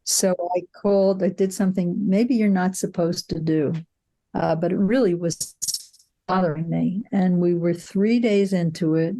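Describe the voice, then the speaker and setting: A woman's voice: lowish voice, moderate pace, dark tone. An older woman, a film producer, answering interview questions with reflective stories and frequent restarts. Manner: reflective storytelling, frequent "you know" and restarts.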